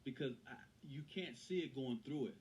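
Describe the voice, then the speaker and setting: A man's voice: medium pitch, a little fast, a little mellow, slight background noise, rough recording. A man as an interview guest and author, talking earnestly in casual conversation, often repeating phrases and restarting.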